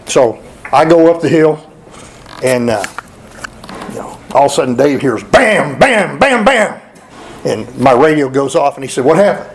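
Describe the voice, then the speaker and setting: A man speaking at a memorial celebration, telling folksy hunting stories with chuckles and halting restarts. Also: mid-range voice, vocal fry, darkish tone, a little hiss or hum, poor audio. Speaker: eulogy speaker. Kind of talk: storytelling at a memorial. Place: memorial gathering hall.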